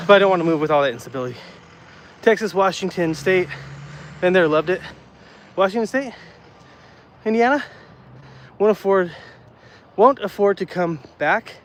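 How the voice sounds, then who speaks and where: Chatty man walking and talking outdoors. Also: high voice. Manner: chatty, rambling, easily worked up. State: slightly out of breath from walking uphill. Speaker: vlogger chatting with live viewers. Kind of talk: casual live walk-and-talk. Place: outdoors on city streets. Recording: faint street noise outdoors.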